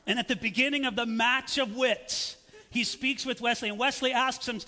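A man preaching a sermon in a lively, sarcastic way, with mocking asides to his listeners. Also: very high voice, normal speed, big-room sound. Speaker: pastor.

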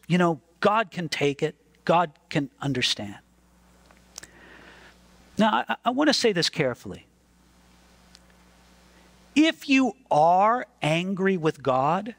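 A man's voice: high-pitched, fairly bright tone, no room sound. A man preaching a sermon as pastor, earnest and emphatic, repeating words as he stresses a point.

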